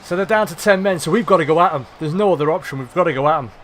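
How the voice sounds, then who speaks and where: A young man commentating live on his football management game, swearing and shouting at his players. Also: on the high side, racing, a little hiss or hum. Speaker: gaming commentator.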